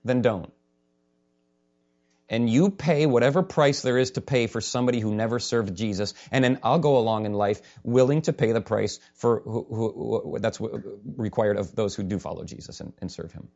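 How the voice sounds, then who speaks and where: A man's voice: fairly low pitch, moderate pace, darkish tone. A male pastor preaching an impassioned sermon, sometimes raising his voice to a holler. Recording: dull lo-fi recording.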